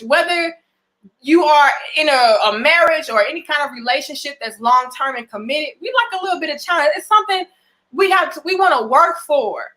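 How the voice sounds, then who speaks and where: A woman's voice: sits high, sharp tone. A woman in giving blunt, emphatic relationship advice in a casual vlog, swearing freely and often restarting her phrases. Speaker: relationship vlogger. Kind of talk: casual direct-to-camera advice.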